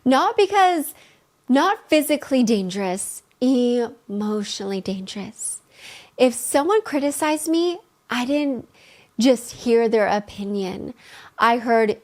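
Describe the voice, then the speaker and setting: A woman's voice: a little high, lively intonation, slow pace. A woman podcast host telling a personal story in a chatty way, laughing often and restarting her sentences.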